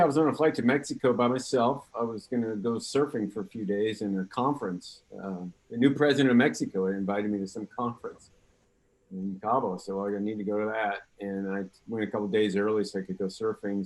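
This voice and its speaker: An older man from California tells his story with energy, acting out what others said to him. His voice sits a little low. He speaks as a guest on a remote panel. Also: a little fast, poor audio. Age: 60s. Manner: lively anecdotal storyteller, acts out quotes. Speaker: patient guest.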